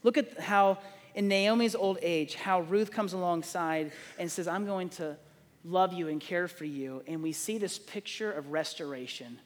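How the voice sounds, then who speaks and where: A man's voice: sits high, unhurried, in a large hall. A middle-aged man, preaching a sermon, telling stories and acting out the dialogue. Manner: animated storytelling, acts out dialogue. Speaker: pastor.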